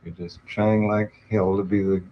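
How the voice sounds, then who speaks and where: A man, a therapist, gently reflecting a client's words back to her. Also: on the low side, level tone, normal speed. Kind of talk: archival counseling session. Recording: dull old film recording with faint hiss.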